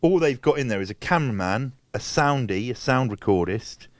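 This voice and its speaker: A man's voice: medium pitch, lively intonation, normal speed, no echo. A man telling a story in casual chat. He swears freely and acts out other people's lines. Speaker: guest.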